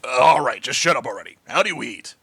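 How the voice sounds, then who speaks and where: A man voicing a gruff, irritable middle-aged biker in a storybook reading, grumbling and exasperated. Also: mid-range voice, expressive, fairly quick, sharp tone, dry recording, full character voice. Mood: irritated.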